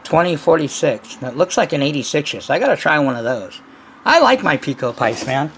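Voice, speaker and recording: A man's voice: on the high side, sing-song, fairly quick, a bit bright, slight background noise. A man chatting casually to his viewers as a hobby vlogger, loose and profane, sometimes talking about himself in the third person. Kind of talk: casual rambling chat to viewers.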